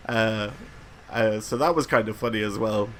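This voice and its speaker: Rambling man, lowish voice. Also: normal speed, fairly bright tone, slight background noise. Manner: rambling anecdotes, frequent fillers and chuckles. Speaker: streamer and community host. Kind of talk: casual livestream chat, reading chat comments.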